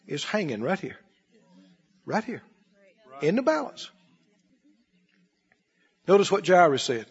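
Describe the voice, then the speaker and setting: A man preaching a sermon, swinging between soft asides and loud exclamations. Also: high voice, big pitch swings, slow pace, long pauses, slightly rough. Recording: reverberant hall, dull lo-fi sound.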